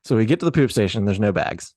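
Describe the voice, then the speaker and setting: A man telling a story on a podcast in a casual, animated, profane way. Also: fairly low pitch, fast talker, no echo, studio quality.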